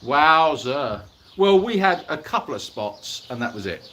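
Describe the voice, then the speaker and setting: A man's voice: medium pitch, very animated, measured pace, a bit bright, a little hiss or hum. A man co-hosting a casual live Q&A stream outdoors at an animal sanctuary, jokey and teasing as he reads out viewer comments.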